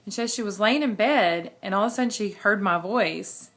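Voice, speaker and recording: A woman's voice: mid-range voice, brisk, fairly bright tone. A woman, talking casually and rambling in a vlog, laughing often. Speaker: vlogger.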